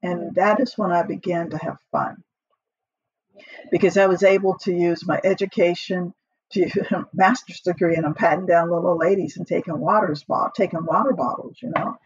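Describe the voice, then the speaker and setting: A middle-aged woman with a slightly husky voice chats as a guest on a podcast. She tells her stories with laughter and acts out her old lines. The sound is dry and a little dull. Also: lowish voice, moderate pace, dry recording. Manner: lively, laughs often, acts out her own quotes. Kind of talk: casual storytelling interview.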